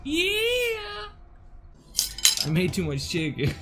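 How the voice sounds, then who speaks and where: A man in a casual gaming stream, talking a bit high and very lively, his pitch jumping all over the place. He shouts at the screen one moment and rambles with a giggle the next. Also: moderate pace, very noisy. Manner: excitable, yells and curses at the game. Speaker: game streamer, co-host.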